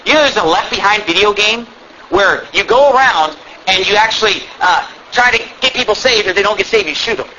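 A man's voice: high voice, animated, fairly quick, sharp tone, muffled recording, a little hiss or hum. A man preaching a sermon, emphatic and sarcastic, reading scripture aloud with rising force. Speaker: pastor.

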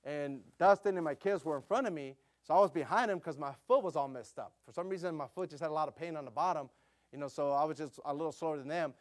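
Energetic preacher man telling a mission story. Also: fairly high pitch, quick pace. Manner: conversational storytelling with fillers, rising to loud bursts.

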